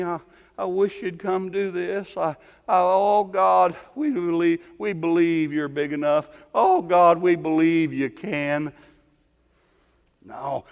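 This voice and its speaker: A man preaching a sermon, impassioned, building to near-shouting peaks, with many repeated words. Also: a little high. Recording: long hall reverb.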